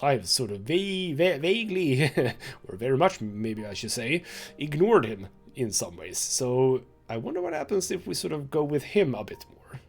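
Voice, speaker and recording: A man's voice: medium pitch, vocal fry. A man hosting a let's play, reading a story game's text aloud with chatty asides and laughs. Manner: chatty asides with laughs between read passages. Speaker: gaming channel host.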